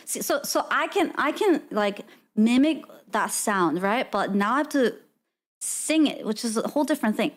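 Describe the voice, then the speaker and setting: Her voice is on the high side and animated, at a normal speed. Hosting a casual live stream, she chats playfully with her audience, giggling and trying out words aloud.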